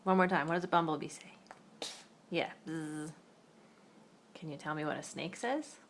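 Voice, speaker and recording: A mother speaking to her toddler at lunch at home, asking gentle questions and making playful animal noises to coax the child along. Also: low-pitched, expressive, a little fast, gravelly, slight background noise. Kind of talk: coaxing a toddler to make animal sounds.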